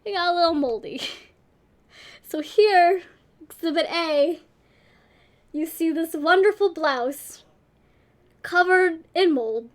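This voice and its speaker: High-voiced woman telling stories rambly. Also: slow, pauses often. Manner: rambling, self-deprecating, animated. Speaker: panel co-host. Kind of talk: casual storytelling panel.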